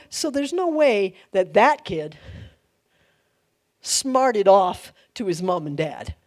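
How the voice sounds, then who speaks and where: A middle-aged woman pastor teaching a Bible study, animated, laughing often and acting out quoted lines. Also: deep voice.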